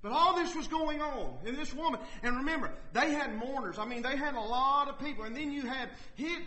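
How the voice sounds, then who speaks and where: A man preaching a sermon in a strikingly high voice with a bright, forward ring. He works through scripture earnestly and keeps checking in with his listeners through quick call-and-response asides. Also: rough recording.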